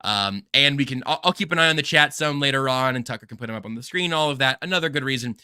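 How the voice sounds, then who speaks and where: A man hosting a sports podcast with a very bright, forward voice. He rambles from one thing to the next, joking and poking fun at himself. He is recorded close and dry, with no room sound. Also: mid-range voice, lively intonation, fast, clear, resonant tone, no echo. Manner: rambling, joking, self-deprecating. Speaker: podcast host. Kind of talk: casual sports podcast chat.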